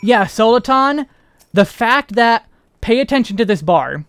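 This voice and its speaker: A man's voice: extremely high pitch, expressive, a little slow, fairly bright tone, smooth, no echo. An American man casually chatting as he streams a game, rambling and poking fun at himself. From United States. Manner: rambling, self-deprecating chatter. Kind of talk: casual gameplay commentary.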